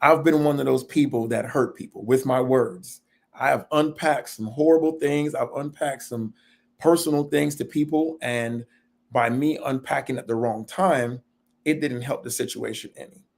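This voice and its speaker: A man's voice: mid-range voice, moderate pace, gravelly, a little mellow. A middle-aged man speaking earnestly in a panel discussion, self-deprecating and laughing now and then as he tells his own stories. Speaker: panel guest.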